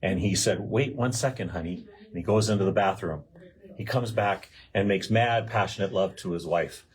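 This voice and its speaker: A man's voice: deep voice, moderate pace. Nervous man telling a rehearsed joke.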